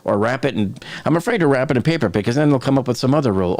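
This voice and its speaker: Gravelly-voiced man hosting a chatty live stream. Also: medium pitch, lively intonation, rapid-fire, a little mellow. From Boston area. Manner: chatty, joking, reads viewer comments aloud. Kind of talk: casual live stream chat.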